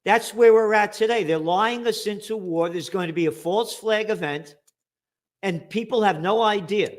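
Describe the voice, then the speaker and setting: A man's voice: high-pitched, normal speed. A man hosting a heated political talk show, reading from a source aloud and mocking it with sarcastic asides. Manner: sarcastic, animated, reads aloud and mocks the text. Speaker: show host.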